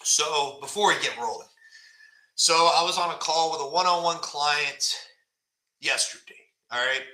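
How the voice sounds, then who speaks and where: A man's voice: fairly high pitch, unhurried, pushed and bright, roomy sound, low-quality recording. A man hosting a casual live stream, talking bluntly and often tagging "right?" onto his points. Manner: blunt, conversational, fillers like "right?".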